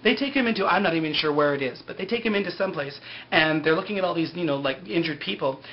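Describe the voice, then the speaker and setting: A man retells a TV episode in a loose, sarcastic way, full of offhand asides. His voice sits a little high for a man. The recording is dull and lo-fi, with a faint hiss underneath. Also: fast talker. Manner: flippant, sarcastic, loose "he's like" storytelling. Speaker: TV episode recapper. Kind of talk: casual recap with mocking asides.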